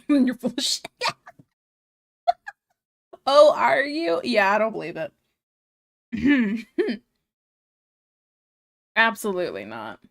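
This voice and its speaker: A woman's voice: a little high, big pitch swings, takes it slowly, vocal fry, long pauses. Giggly woman streamer, frank and teasing. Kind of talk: casual chat while drawing.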